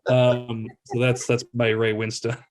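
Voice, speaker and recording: A man's voice: mid-range voice, completely flat delivery, a little slow, a little mellow. A laid-back man on a podcast panel tells a loose, casual story. He chuckles as he goes, with a voice in the middle range. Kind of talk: casual anecdote.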